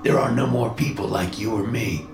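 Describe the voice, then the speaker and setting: A man's voice: fairly low pitch, normal speed, reverberant, over music, voice pushed up, close to an everyday voice. A man voicing a tearful, overprotective father with a raw, stern manner in a horror story reading. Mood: emotional.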